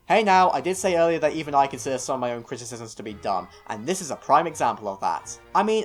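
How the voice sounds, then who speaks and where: A young British man reading a scripted film review, opinionated and self-mocking with rambling asides. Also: mid-range voice. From United Kingdom.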